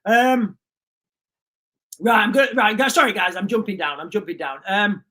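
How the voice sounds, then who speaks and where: A man's voice: high-pitched, lively intonation, moderate pace, sharp tone. A man hosting a livestream, ranting emphatically, repeating himself and putting questions to his viewers. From United Kingdom. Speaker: livestream host.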